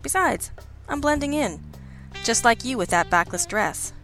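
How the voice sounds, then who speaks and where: A wry, cynical male detective partner, as a woman reader puts him on, speaking in a dry, sardonic way. He needles his partner with deadpan remarks. Soft music plays faintly behind the storybook reading. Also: on the high side, a little slow, pitched above the performer's own voice.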